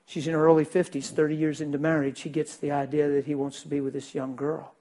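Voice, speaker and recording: A man preaching as a pastor, telling a story to his congregation, swinging between loud bursts and hushed, quiet lines. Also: a little high, level tone, fast talker. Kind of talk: sermon storytelling.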